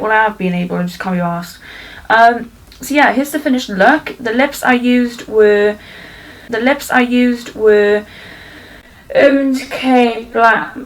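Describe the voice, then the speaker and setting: A woman's voice: medium pitch, gravelly, low-quality recording. A young woman from South Wales, chatting and rambling her way through a makeup tutorial at home, swearing freely. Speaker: beauty vlogger. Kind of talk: casual makeup tutorial chat. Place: home, indoors.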